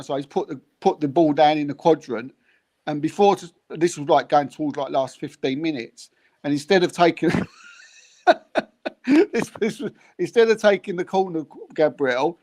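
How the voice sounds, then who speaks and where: A man chatting casually about a football match as an animated storyteller who chuckles often. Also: a little high, normal speed. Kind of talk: casual football reaction chat.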